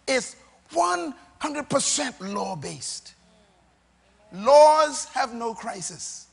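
A Bahamian man preaching a sermon, asking the crowd questions and answering them, dropping soft and then rising to loud emphatic lines. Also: extremely high pitch, lively intonation, slow pace, creaky, breathy edge, in a large hall. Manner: emphatic, call-and-response questions, swings between soft and loud.

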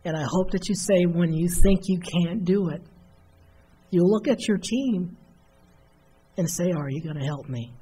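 A woman's voice: lowish voice, unhurried, pauses often, dark tone, faint music behind. A woman giving a motivational keynote speech, telling a story that builds to an emphatic refrain. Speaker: keynote speaker. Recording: faint noise, live conference hall.

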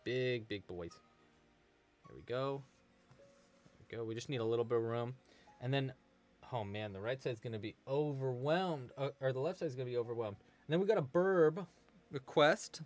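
A man's voice: mid-range voice, normal speed, pauses often, soft background music. A man hosting a live crochet tutorial stream, chatting casually, thanking donors and answering the chat. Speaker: crochet livestream host.

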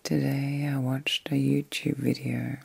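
Whispering middle-aged woman, gravelly and breathy. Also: rumbling low, little pitch movement, no room sound. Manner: slow, soothing and reflective. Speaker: ASMR host. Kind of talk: whispered ASMR vlog. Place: in bed at night.

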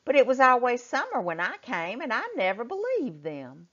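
Woman reading anxious storybook mother, brisk lifted tone, lively pitch, muffled lo-fi. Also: heavily acted. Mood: worried. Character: worried mother driving up a snowy hill. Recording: muffled lo-fi recording.

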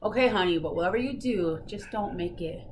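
A woman's voice: lowish voice, brisk, slight background noise. A young adult woman hosting a casual flosstube update from her living room, chatty and laughing often as she tells a story. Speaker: flosstube host. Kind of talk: casual chat.

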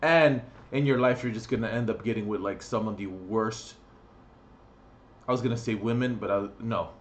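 A man's voice: lowish voice, a little hiss or hum. A man ranting on his vlog, crude and profane, blunt and mocking. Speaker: vlogger.

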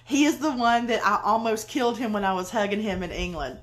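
A woman's voice: a little high, brisk. A middle-aged woman with a Southern US accent, an author reading her own book aloud and then chatting with her live viewers in an effusive way, swearing freely.

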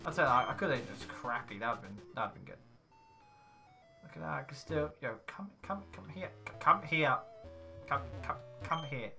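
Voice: mid-range voice, lively intonation, moderate pace, vocal fry, bright, forceful tone. A let's play host giving casual gameplay commentary in a chatty way, reading game text aloud in playful voices. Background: game music.

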